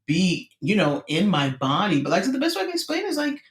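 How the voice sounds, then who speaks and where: A woman psychic and guest on a podcast, telling her experiences with lively acted-out reactions. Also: mid-range voice, quick pace, echoey room. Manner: expressive storyteller who acts out her own reactions. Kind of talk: casual interview storytelling.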